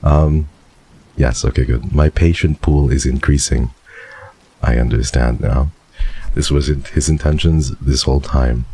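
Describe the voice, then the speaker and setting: A man's voice: rumbling low, steady tone, unhurried, dark tone, breathy edge. A man streaming casually, reading viewer messages aloud in a playful, teasing way and laughing often.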